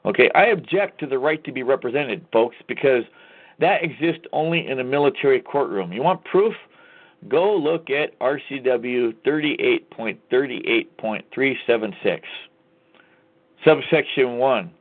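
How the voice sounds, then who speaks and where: A man's voice: mid-range voice, animated, measured pace. A man hosting a show, delivering an angry, profane, emphatic rant to his listeners. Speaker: host. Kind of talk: ranting call-to-action monologue. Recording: tinny phone-like line.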